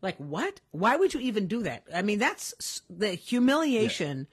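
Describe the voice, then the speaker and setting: A woman co-hosting a casual podcast, telling stories in an animated, emphatic way with many restarts. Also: medium pitch, normal speed, slightly rough. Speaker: podcast co-host. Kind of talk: casual conversational podcast chat. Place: Los Angeles.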